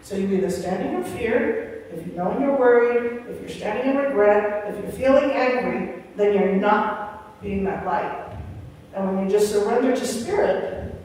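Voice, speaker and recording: A woman's voice: medium pitch, normal speed, darkish tone, recorded from a distance, slight background noise. An older woman giving a rambling, chatty spiritual talk at a Sunday gathering, often acting out the voices she quotes. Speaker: guest speaker. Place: large hall of a spiritual center. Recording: echoey hall recorded from afar.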